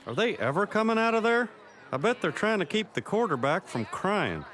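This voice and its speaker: An actor playing a laid-back middle-aged man making wry remarks at a football game in an animated sitcom. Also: high voice, brisk.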